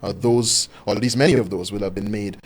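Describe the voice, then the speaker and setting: A man's voice: fairly low pitch, fairly even intonation, quick pace, slightly rough. A male guest on a radio interview, explaining his organization's youth outreach in a fluent, informative and good-humoured way. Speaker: communications officer, guest. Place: radio studio.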